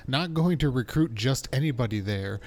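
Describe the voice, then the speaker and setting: This is a salty old sailor from a game, rough-spoken and quick to swear, voiced by a man reading the lines himself. The dialect is thick and seafaring. The pitch sits in an ordinary middle range. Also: animated, darkish tone. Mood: gruff. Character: salty gruff sea-dog sailor reading letters.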